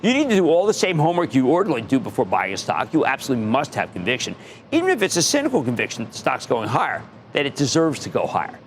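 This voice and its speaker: A man's voice: mid-range voice, wildly swooping pitch, very fast, a little hiss or hum. A middle-aged man hosting a television finance show, talking emphatically and repeating phrases for effect. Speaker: TV market show host. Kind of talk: energetic TV finance commentary.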